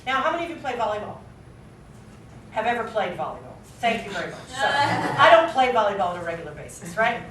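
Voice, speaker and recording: Her voice sits on the high side, swinging widely in pitch as she speaks quickly against background noise. This woman acting teacher drills her class, quizzing them nonstop and asking "right?", all picked up from far away in an echoing room by a camera.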